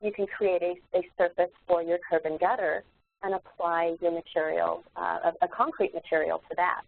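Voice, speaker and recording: A woman instructor demonstrating software in a live webinar, explaining steps in a relaxed way with many fillers and restarts. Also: lowish voice, normal speed, vocal fry, slight background noise. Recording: tinny phone-like webinar audio.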